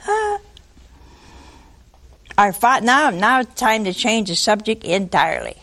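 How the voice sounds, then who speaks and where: An older woman giving a sermon, telling the story in a lively way, acting out voices and asking her listeners questions. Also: mid-range voice, moderate pace. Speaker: preacher.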